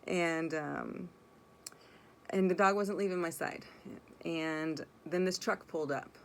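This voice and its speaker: A woman's voice: on the low side, slow pace, a little hiss or hum. A woman telling a personal story in a casual, rambling way, blunt and swearing freely. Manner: rambling, self-correcting delivery.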